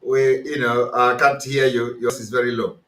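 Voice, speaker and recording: A man's voice: mid-range voice, level tone, normal speed, a bit bright. A man hosting a live call-in broadcast, laughing often and repeating his thanks. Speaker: host. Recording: echoey room.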